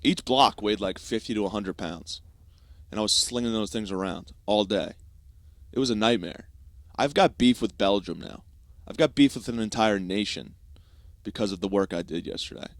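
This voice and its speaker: Young american guy ranting on his podcast, kinda low voice, swears a lot, super dry close mic. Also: normal speed, no room sound. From United States. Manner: rambling, profane, self-mocking. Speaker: podcast host. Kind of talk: casual comedic monologue.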